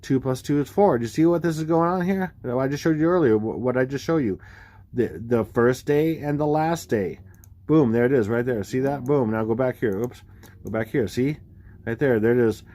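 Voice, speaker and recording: A man explaining dates and numbers on screen in a rambling, excitable way, full of fillers and sudden exclamations. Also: mid-range voice, normal speed. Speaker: video creator explaining number theories. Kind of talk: casual screen-share commentary.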